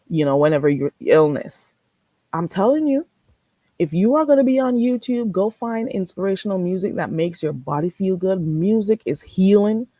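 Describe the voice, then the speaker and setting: Hosting a casual livestream, a woman with a deep, warm voice talks bluntly and swears freely as she reads her chat aloud and answers it. There is no echo on her voice.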